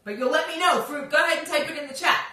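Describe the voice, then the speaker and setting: A woman's voice: high-pitched, quick pace, bright, forceful tone, distant mic. A woman hosting a casual live-stream chat as a drag coach, bubbly and sing-song, greeting her viewers by name. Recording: echoey room, voice off-mic.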